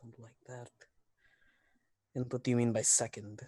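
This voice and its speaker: A tabletop game player speaking in character in a deliberate, matter-of-fact way. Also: medium pitch, level tone, mellow, dry recording.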